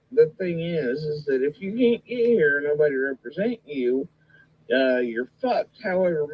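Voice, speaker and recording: A man's voice: on the high side, breathy edge, no room sound, lo-fi sound. A man in a casual conversation, talking in a matter-of-fact, profane way with hesitant fillers. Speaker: guest in conversation.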